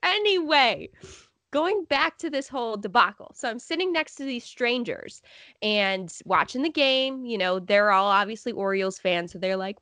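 A woman's voice: a little high, moderate pace, no echo. A woman co-hosting a podcast, telling stories in casual chat and acting out what other people said, laughing often. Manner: animated storytelling, acts out other people's lines. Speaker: podcast co-host.

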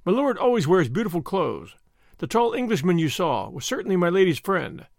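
Brief: man voicing a hot-headed English gentleman, offhand bluster. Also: high-pitched, sing-song, a little fast, creaky, dry recording, clean studio sound, heavily acted. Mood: careless. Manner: blustering, feigning carelessness. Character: hot-tempered English nobleman, young man.

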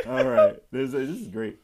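Animated laughing man reacting. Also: mid-range voice, slow. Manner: laughing, animated, mocks lines. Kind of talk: casual reaction chat.

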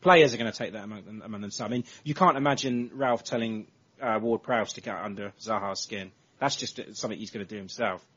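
A man's voice: lowish voice, fast, fairly bright tone, slightly rough. An English man hosting a football podcast, hesitant and thinking aloud in casual chat. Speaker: podcast host. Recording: dull lo-fi audio.

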